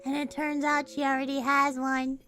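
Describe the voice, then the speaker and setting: Woman streamer, high voice, bright tone, playful, jokey, casual chat, faint music behind. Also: little pitch movement, moderate pace. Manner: playful, jokey, swears and laughs often. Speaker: streamer and voice actor. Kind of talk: casual livestream chat while reading a game aloud.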